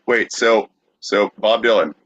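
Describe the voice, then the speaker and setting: Lower-voiced man with dull lo-fi sound. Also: unhurried, fairly bright tone, dry recording. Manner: explanatory, storytelling. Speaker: podcast co-host. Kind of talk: casual chat.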